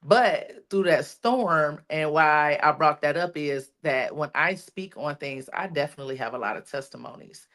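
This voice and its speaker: On a podcast, a woman gives an emotional personal testimony, repeating lines for emphasis the way a preacher would, with repetitive, preacherly encouragement. Her voice sits low with a fairly bright tone, at a moderate pace with few pauses.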